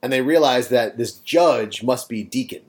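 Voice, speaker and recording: A man's voice: mid-range voice, animated, normal speed, crowd noise. A man co-hosting a casual podcast, recapping a TV episode in a laid-back, sarcastic way with lots of ums. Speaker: podcast co-host.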